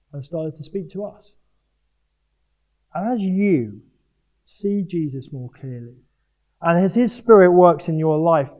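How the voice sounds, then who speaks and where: A middle-aged man from Jersey giving a sermon at a Christian sports event, earnest and animated with self-mocking humour. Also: on the high side. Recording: dull lo-fi live talk recording.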